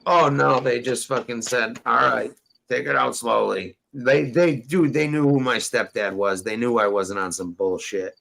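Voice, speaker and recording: A man's voice: medium pitch, fairly even intonation, measured pace, gravelly, fairly bright tone, low-quality recording. A man telling a rambling, profane story in casual chat, acting out the dialogue he quotes. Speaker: storyteller guest.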